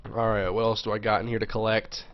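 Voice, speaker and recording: A man's voice: lowish voice, little pitch movement, fast, dull audio. A man casually commenting on a live stream, muttering to himself as he browses and reading viewers' questions aloud. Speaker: gaming livestreamer. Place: home.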